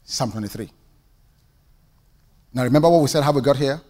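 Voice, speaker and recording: A man with a Nigerian accent preaching a sermon with passion, dropping to hushed asides and rising to ringing declarations. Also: medium pitch, brisk. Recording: long hall reverb.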